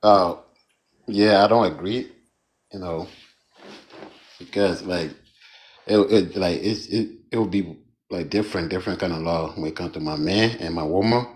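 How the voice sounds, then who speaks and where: Deep-voiced man rambling with fillers. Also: low-quality recording. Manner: halting, many fillers. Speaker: panelist. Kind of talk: casual live discussion.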